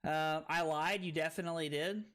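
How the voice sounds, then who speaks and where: A tipsy man streaming a card game, excitable and profane, bursting between loud shouts and low muttering as he banters with chat. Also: brisk.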